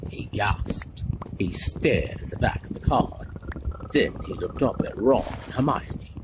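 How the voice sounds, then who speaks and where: Lively man reading a storybook aloud. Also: lowish voice, a little slow. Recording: noisy home stream recording.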